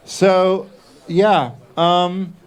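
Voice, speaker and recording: A man hosting a live event, casual and halting, with many fillers and restarts. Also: high voice, level tone, smooth. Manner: halting, filler-heavy, self-correcting. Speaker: event host introducing entries.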